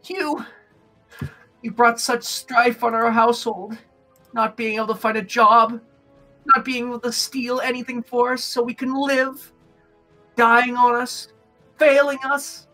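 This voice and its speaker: A man's voice: very high voice, flat delivery, unhurried, long pauses, sharp tone, soft background music, pitched above the performer's own voice, exaggerated voice, rough recording. A man voicing a heartbroken human wife who reproaches her husband. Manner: pleading, accusing.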